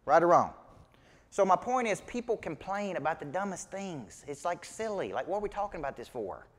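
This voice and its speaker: Southern male business coach, punchy and folksy, slightly high pitch, long hall reverb. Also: sing-song, a little fast. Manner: emphatic, folksy, rhetorical questions. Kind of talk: motivational seminar teaching.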